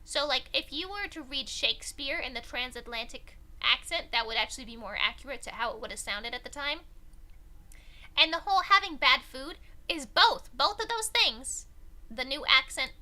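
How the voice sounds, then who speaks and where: A woman streamer in casual stream chat, rambling and chatty, quick to laugh. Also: sits high, animated, sharp tone. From not from England.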